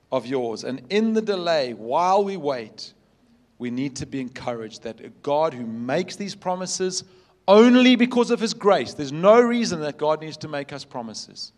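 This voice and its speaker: A pastor delivering a sermon in a fairly high male voice. He tells stories earnestly and leans on repetition for emphasis. He moves between loud, stressed lines and hushed, tender ones. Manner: swings from loud emphasis to soft, quiet passages.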